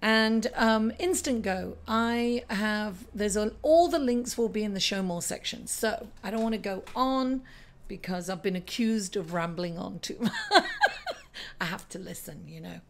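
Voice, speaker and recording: A woman hosting an astrology vlog, chatty and rambling, her voice slightly raspy and hoarse from shouting. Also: medium pitch, normal speed. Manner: chatty, rambling, with many ums and asides. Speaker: astrology channel host. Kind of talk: casual astrology vlog talk.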